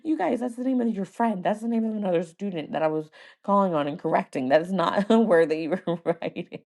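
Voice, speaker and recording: A woman who hosts a podcast and teaches first grade, telling a casual story with lively delivery, frequent laughter and playful mimicry of words. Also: medium pitch, a little fast.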